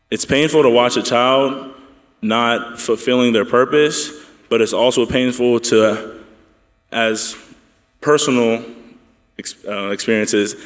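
A man speaking as a panelist at a church discussion in a measured, steady way. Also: medium pitch, big-room sound.

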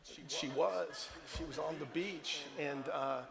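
Excitable pastor preaching in an echoey church. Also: male voice, on the high side, measured pace, vocal fry. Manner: excitable, stammering restarts, calls out to the congregation. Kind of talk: sermon. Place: large church hall with live congregation. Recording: echoey hall with loud crowd.

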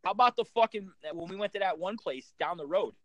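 A man's voice: high-pitched, fairly bright tone, slight background noise. A man, a hockey coach, telling stories in casual chat, cursing and restarting his sentences often. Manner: profane, halting, restarts often.

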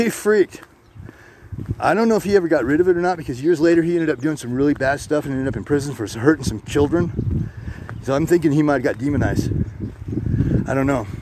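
Fast-talking profane middle-aged man. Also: a little high, slight background noise. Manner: profane, animated storyteller. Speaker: podcast host. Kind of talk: casual storytelling. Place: outdoors on a hilltop.

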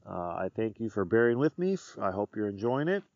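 A man's voice: lowish voice, sing-song, a little fast, darkish tone, no room sound. Middle-aged male host rambling outdoors, dry and slightly dull audio. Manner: rambling, candid, jokey. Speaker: podcast host, former teacher. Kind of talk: rambling casual monologue. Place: outdoors on a hillside.

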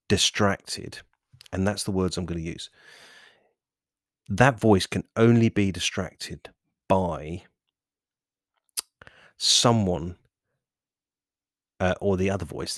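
A man's voice: sits low, takes it slowly, long pauses, no room sound, studio quality. A man hosting a fitness podcast, talking in a rambling, self-correcting monologue. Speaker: podcast host.

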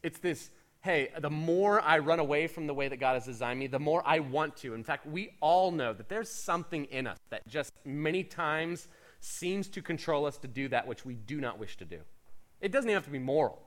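A man pastor preaching a sermon in an animated, conversational way with playful asides. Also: a little high, moderate pace.

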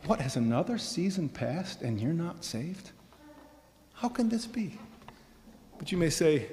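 Impassioned preacher in a reverberant church. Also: male voice, mid-range voice, darkish tone. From Michigan, USA. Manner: impassioned, rhetorical questions, repeats key phrases. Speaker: pastor. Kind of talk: sermon. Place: church sanctuary.

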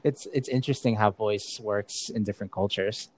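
A man's voice: on the low side, normal speed. A man hosting a podcast, talking casually with lots of fillers and easy laughter. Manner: chatty, filler-heavy, laughs easily. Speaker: podcast host.

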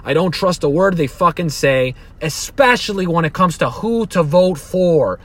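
A man's voice: a little high, lively intonation, normal speed. A young man hosting a podcast, giving a heated, profane, rambling monologue full of restarts. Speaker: podcast host. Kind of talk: opinionated solo podcast monologue.

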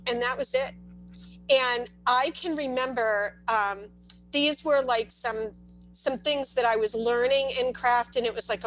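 A woman's voice: fairly high pitch, measured pace, a bit bright, slight background noise, rough recording. A woman telling a long personal story as a parent, in casual talk with many restarts and asides. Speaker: parent sharing her experience.

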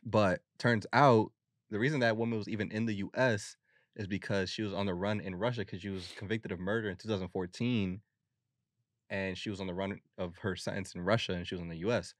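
A young man co-hosting a podcast, telling stories in a laid-back, slangy way. His voice sits very low, and the sound is close and dry with no room around it. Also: fairly even intonation, a little fast, dry recording. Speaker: podcast host. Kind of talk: casual chat.

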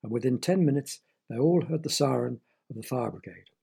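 A man's voice: mid-range voice, a little fast, gravelly, warm tone, husky. A man telling a children's story, playful and asking the young listeners questions.

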